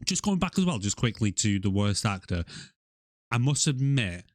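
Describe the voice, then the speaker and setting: A man's voice: on the low side, big pitch swings, moderate pace, dry recording, clean studio sound. A man co-hosting a movie podcast in casual banter, laid-back, blunt and sweary. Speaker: podcast co-host.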